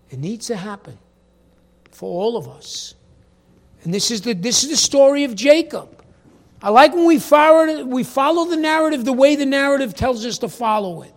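A man delivering a sermon in a very high voice. He talks straight to his congregation, calling on members by name. He drops to quiet asides, then rises to loud, emphatic bursts. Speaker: pastor.

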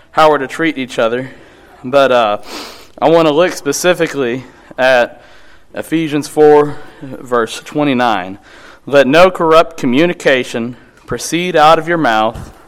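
A man preaching a sermon in an earnest, halting way, with frequent restarts, who reads scripture aloud slowly and with emphasis. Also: mid-range voice, clear, resonant tone.

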